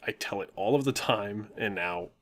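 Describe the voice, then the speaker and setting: A young man telling a long tabletop game story in a casual chat, animated and often laughing as he quotes the players. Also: on the low side, moderate pace. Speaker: podcast co-host telling a story.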